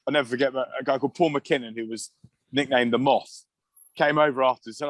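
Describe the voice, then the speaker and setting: A man's voice: medium pitch, fast talker, dry recording. Dry-sounding man telling rowdy stories. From England. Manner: lively, swears freely, laughs through his stories. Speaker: podcast guest, former rugby player. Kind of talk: casual anecdotal storytelling.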